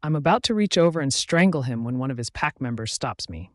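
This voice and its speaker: A man narrates a werewolf romance story in the first person, in a steady, dramatic reading voice at middle pitch. The sound is close and dry, with no room around it. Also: a little fast, no echo. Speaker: audiobook narrator.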